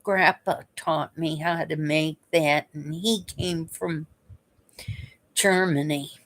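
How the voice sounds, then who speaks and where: A woman with a somewhat low voice tells stories from her past. She speaks very slowly, with long pauses, and laughs softly between her memories. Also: fairly even intonation. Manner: unhurried and reminiscing, chuckles between memories. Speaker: vlogger. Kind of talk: casual storytelling.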